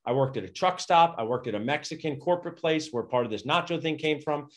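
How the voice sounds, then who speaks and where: A middle-aged man, a dentist, telling stories energetically and acting out quotes in a conversational interview. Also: fast talker. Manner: energetic, acts out quotes with big pitch jumps. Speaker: dentist and podcast guest. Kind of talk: animated storytelling conversation.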